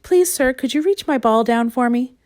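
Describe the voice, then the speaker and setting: A woman's voice: sits high, lively intonation, moderate pace, a little mellow, pitched above the performer's own voice. A woman voicing a small crying boy pleading for help. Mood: tearful. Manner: tearful, pleading.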